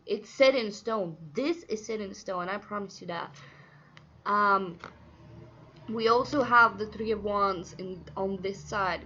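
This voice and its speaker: A woman doing a casual tarot card reading, chatty and earnest, with many fillers and sudden excited outbursts. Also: a little high, dull audio. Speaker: tarot reader.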